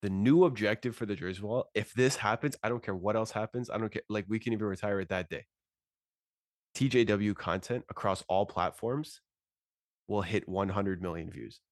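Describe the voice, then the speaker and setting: A congested man hosting a casual podcast in a low voice, chatting loosely and tossing in "bro" constantly. The sound is dry and close, with no room around it. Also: moderate pace, no echo. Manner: laid-back, says "bro" a lot. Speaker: podcast host.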